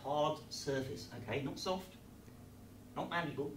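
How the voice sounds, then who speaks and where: With a fairly high, slightly bright voice swinging widely in pitch at a moderate pace, an English improviser plays a bumbling children's craft show host, chirpy, mock-instructive, and falsely reassuring as he rambles. It's a live scene on a small comedy venue stage, caught by a roomy distant mic with a little hiss or hum and audience laughter.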